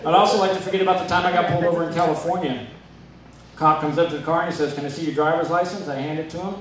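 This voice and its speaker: A man from Arizona doing a stand-up comedy set, telling deadpan stories with self-deprecating punchlines. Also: on the high side, racing, crowd noise. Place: comedy club stage. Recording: echoey club from a distant mic.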